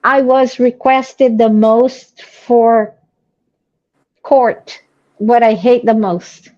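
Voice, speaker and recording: A woman's voice: on the high side, steady tone, drawn-out words, a little mellow, dull audio. A woman from Brazil with a light Brazilian Portuguese accent and Portuguese as her first language, chatting casually and telling stories with laughs between remarks. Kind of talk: casual chat.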